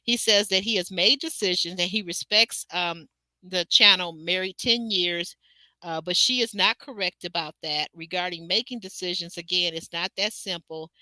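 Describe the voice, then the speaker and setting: A woman's voice: fairly low pitch, moderate pace, sharp tone, no echo. A woman from Detroit hosting a casual livestream recap, chatting animatedly and reading viewer comments aloud. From Detroit, Michigan. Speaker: show host.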